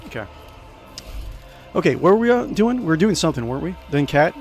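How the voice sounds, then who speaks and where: A man giving casual let's play commentary, playful and chatty, thinking out loud and adding little sound effects as he plays. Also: fairly high pitch, big pitch swings, a little fast, pauses often, faint music behind. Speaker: gameplay commentator.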